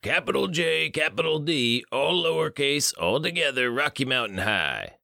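A man voicing a stoned young man in a daze, speaking in a slow, dreamy drawl. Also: a little high, expressive, vocal fry, sharp tone, no echo, studio quality, voice pushed up, full character voice. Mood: triumphant.

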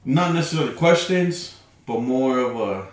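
A man's voice: mid-range voice, lively intonation, moderate pace. Profane laughing young man in a roomy room. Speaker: podcast co-host. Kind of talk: casual chat.

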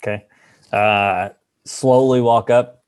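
A man's voice: medium pitch, fairly even intonation, takes it slowly, a little mellow, smooth, dry recording. A man playing a tabletop role-playing game, thinking aloud and laughing easily. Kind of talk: casual in-character game talk.

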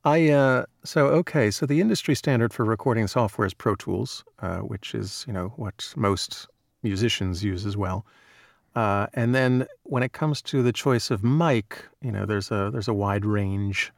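A man who narrates audiobooks, chatting in an interview as a relaxed, self-deprecating storyteller. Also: fairly low pitch, unhurried, gravelly, no echo, studio quality. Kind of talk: casual interview chat.

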